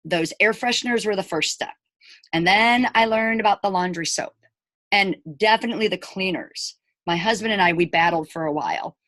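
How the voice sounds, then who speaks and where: A woman's voice: mid-range voice, normal speed, no room sound. A woman in her forties, a teacher, chatting casually to camera about her own experience and acting out what others said. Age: 40s. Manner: chatty, retells scenes by quoting people in dialogue; emphatic, animated asides to viewers. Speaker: elementary school teacher. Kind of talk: casual personal storytelling to camera.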